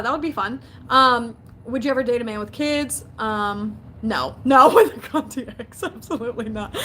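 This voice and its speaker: A woman's voice: high voice, slight background noise. A young woman chatting casually on a livestream, answering viewers' chat, talkative and full of fillers. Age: young adult. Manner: chatty, animated, lots of fillers and quoted dialogue. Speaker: YouTuber answering live chat.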